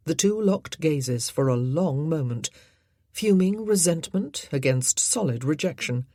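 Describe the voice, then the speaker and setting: A woman narrating an audiobook in an even, expressive storytelling manner. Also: low voice, measured pace, dry recording, clean studio sound.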